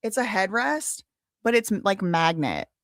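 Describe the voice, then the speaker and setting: A woman's voice: mid-range voice, expressive, measured pace, fairly bright tone, dry recording, clean studio sound. A woman in her thirties chatting casually with viewers on her livestream, rambling with many fillers. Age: 30s. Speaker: livestream host. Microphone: desk microphone with headphones.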